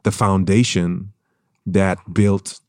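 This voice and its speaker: Low-voiced middle-aged guy, slight german accent, thoughtful, lots of ums, dry mic. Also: flat delivery, no room sound. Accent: light German. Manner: reflective, measured, with frequent fillers. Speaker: guest, actor and former tennis player. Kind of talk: casual interview chat.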